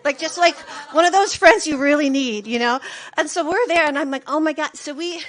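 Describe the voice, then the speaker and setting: High-voiced woman in her 30s rambling thru a story, swears a lot, gets animated. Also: a little fast, poor audio. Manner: profane, rambling, animated retelling. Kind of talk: casual personal storytelling.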